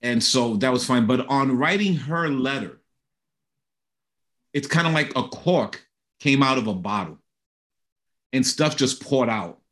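A middle-aged man, a guest in a conversational interview, sharing a personal testimony in an earnest, animated way. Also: medium pitch, unhurried, pauses often.

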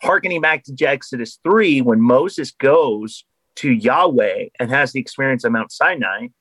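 A man speaks as a guest on a podcast, earnest and explanatory in a casual conversational tone. His pitch sits in the middle range. The recording is dry and close, with no room sound. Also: expressive, normal speed, fairly bright tone, no echo, low-quality recording.

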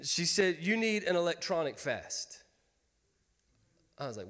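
A man in his thirties preaches to his church in a high, light voice, folksy and quick to joke with the congregation. His words ring out with a long hall reverb around them. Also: lively intonation, fairly bright tone. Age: 30s. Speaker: pastor. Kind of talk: sermon. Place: church sanctuary.

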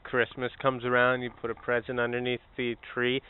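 A man co-hosting a podcast, joking crudely in casual banter and bursting into shouted bits. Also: mid-range voice, monotone, normal speed, clean tone. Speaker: podcast co-host. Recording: phone-like narrow sound.

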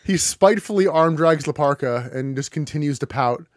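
A man's voice: a little high, moderate pace, dry recording. A man co-hosting a casual podcast, recapping wrestling matches play by play with a dry, sardonic edge. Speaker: podcast co-host.

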